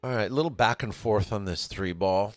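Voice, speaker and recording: Laid-back deep-voiced man commentating pool. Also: fairly quick, dry recording, soft background music. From California. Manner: laid-back, chatty, laughs often. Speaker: stream commentator.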